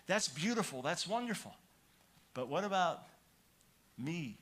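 A man preaching a sermon, telling a personal story with animated, rising excitement, then calling listeners to change. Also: unhurried, pauses often. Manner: animated storytelling, grows loud and high when excited.

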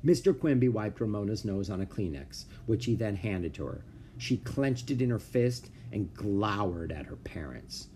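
A man reading a children's book aloud with expressive storytelling. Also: fairly low pitch, normal speed, a little hiss or hum. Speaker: narrator.

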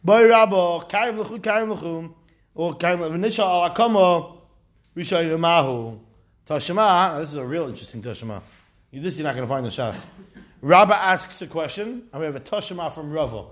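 Man, high voice, animated class teacher, rhetorical questions, acts out quotes. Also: moderate pace. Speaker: Talmud teacher. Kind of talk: lively study class lecture.

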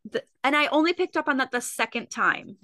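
A woman's voice: high voice, brisk, no room sound. A woman co-hosting a podcast, chatting casually and animatedly, often acting out lines from scenes. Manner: animated, acts out quotes from scenes. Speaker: podcast co-host. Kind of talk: casual chat.

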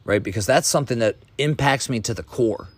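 A man's voice: mid-range voice, brisk, slightly rough, no room sound. Blunt, profane man ranting on a podcast. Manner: profane, blunt, fired-up preaching. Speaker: podcast host. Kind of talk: casual motivational rant.

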